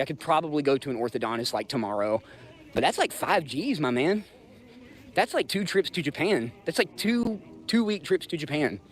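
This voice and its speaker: A man's voice: fairly high pitch, a bit bright, a little hiss or hum. A man in his thirties with a Southern US accent, hosting a livestream and ranting bluntly and profanely to his chat. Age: 30s. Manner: profane, blunt, rambling, talks straight to chat. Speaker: livestream host. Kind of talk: casual livestream rant.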